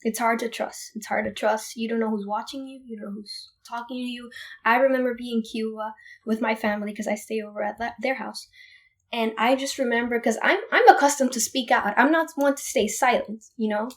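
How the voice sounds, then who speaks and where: A young woman from Puerto Rico, a podcast guest, retelling a family story in an animated, emphatic way with many restarts. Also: a little high, brisk. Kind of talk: casual storytelling.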